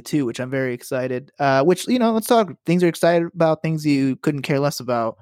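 A young man co-hosting a podcast, talking basketball in a relaxed, agreeable way, full of "like" and "you know". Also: on the high side, a little fast, hardly any pauses, no room sound, clean studio sound. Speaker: podcast co-host. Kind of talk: casual sports chat.

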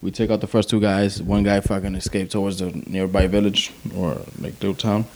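Male army vet guest; low, warm voice; animated, cussing storyteller who acts out the quotes. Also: a little fast. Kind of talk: casual war storytelling.

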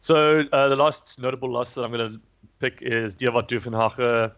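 A man's voice: mid-range voice, steady tone, normal speed, a bit bright. A man hosting a casual chat, rambling with many fillers and restarts. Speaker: podcast host previewing rugby. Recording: dull lo-fi recording.

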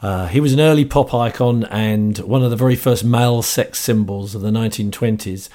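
A man with a New Zealand accent hosting a podcast in casual chat, slightly hoarse, upbeat and chatty with a lot of ums and uhs. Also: on the low side, brisk, mellow. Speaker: podcast host.

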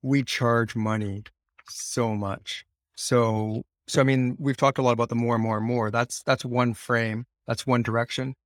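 A man speaking as a guest author on a podcast, earnest and conversational, often repeating himself for emphasis. His voice sits at an ordinary middle pitch. The sound is dry and close-miked. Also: steady tone, a little slow, no room sound.

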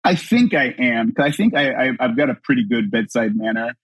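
Man, podcast guest; animated storyteller who laughs often, husky tone, dry close mic. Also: medium pitch, brisk, no echo. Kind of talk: casual storytelling.

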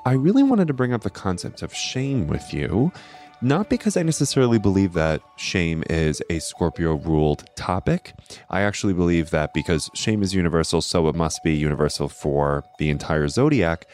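A man's voice: low voice, expressive, normal speed, darkish tone, faint music behind. A man hosting an astrology podcast, talking alone in an earnest, explanatory way and often adding tag questions. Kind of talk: solo podcast talk.

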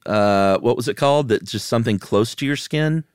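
A man co-hosting a podcast, chatting casually in a relaxed, jokey way. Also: medium pitch, moderate pace, smooth, dry recording, clean studio sound. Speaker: podcast co-host. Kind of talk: casual chat.

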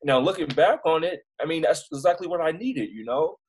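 A young man from Baltimore with a Baltimore accent, a news reporter telling stories as an interview guest in a rambling, animated way with many restarts. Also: fairly high pitch, fairly quick, slightly rough, poor audio. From Baltimore, United States. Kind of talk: casual storytelling in an interview.

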